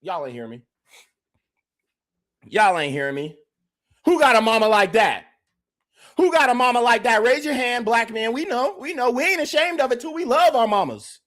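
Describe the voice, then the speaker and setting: A man's voice: very high-pitched, animated, normal speed, pauses often, fairly bright tone. A man hosting a livestream commentary podcast, talking emphatically and repeating his points. He keeps turning to address the chat directly. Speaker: podcast host.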